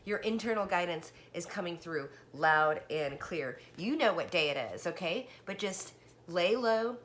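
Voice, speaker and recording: A woman giving a casual tarot reading, chatty and excited, talking straight to the viewer and a little out of breath. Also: lowish voice, measured pace, a little hiss or hum. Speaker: tarot card reader.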